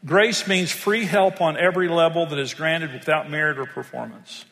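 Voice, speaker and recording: A man's voice: a little high, steady tone, normal speed, creaky, a bit bright, in a large hall. An older man, preaching a sermon and telling stories in an earnest manner. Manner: storytelling, earnest, rises when stressing points. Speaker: pastor.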